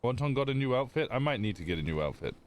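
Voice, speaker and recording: A man's voice: medium pitch, very animated, very fast. A man livestreaming a roleplay game, chatting casually with his viewers in a rambling, self-interrupting way. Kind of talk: casual chat with stream viewers.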